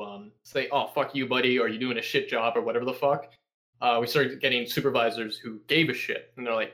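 A young man tells stories as a podcast guest in a casual, profane ramble. He leans on sarcasm and jumps into mock voices of coworkers as he talks. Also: mid-range voice. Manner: sarcastic, swears constantly, animated impressions.

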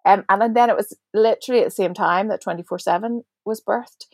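Speaking briskly in a mid-range voice, this Northern Irish woman in her forties leads a prayer ministry and is a guest on a faith podcast. Her talk is chatty and reflective, with many fillers and false starts, and there's no echo in the recording.

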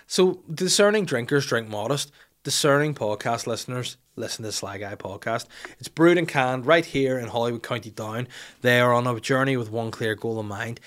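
Cheeky, sweary podcast host. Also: male voice, medium pitch, a bit bright. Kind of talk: casual chat.

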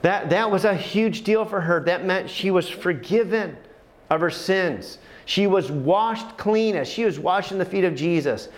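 Passionate preacher with a fairly high voice. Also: male voice, measured pace. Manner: passionate storytelling preacher, repeats phrases for emphasis. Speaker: pastor. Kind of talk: sermon.

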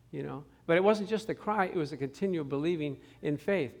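A man leading an informal Bible study as pastor, animated and acting out the people in his stories. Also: on the high side, brisk, creaky. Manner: animated, acts out quotes with shifting voices.

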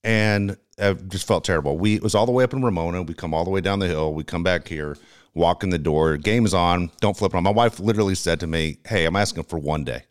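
Middle-aged male sports-talk host, very deep, low register, loose and profane storyteller. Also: fast, smooth. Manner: rambling, emotional storytelling with profanity.

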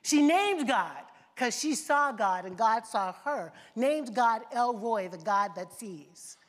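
A woman's voice: on the high side, animated, slow. A woman preacher delivering a sermon in rhythmic, repeated phrases, asking the congregation questions. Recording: long reverb of a large hall.

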